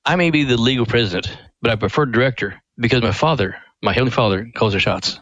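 A man's voice: medium pitch, fast talker, a bit bright, no echo, muffled recording. Middle-aged male radio guest, folksy and earnest, very dry close sound. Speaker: ministry president, guest. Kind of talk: radio interview storytelling.

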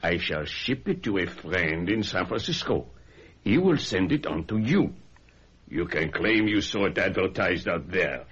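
An actor playing a courtly antique dealer speaking formally on the phone, in a vintage-style drama. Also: male voice, sits low, lively intonation, measured pace, fairly bright tone, husky, full character voice. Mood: suave. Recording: dull lo-fi audio.

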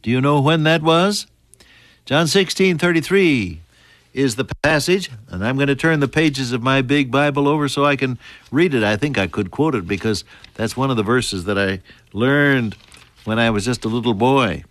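An older man preaching a sermon, moving from hushed, near-whispered lines to lifted, emphatic ones. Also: mid-range voice, normal speed, no room sound.

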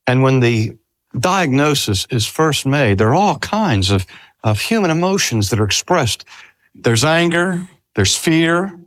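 A man's voice: medium pitch, very animated, measured pace, dry recording. An older man preaching a sermon. He speaks earnestly, drags out key phrases for emphasis and asks the listeners rhetorical questions. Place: talk at a cancer hospital.

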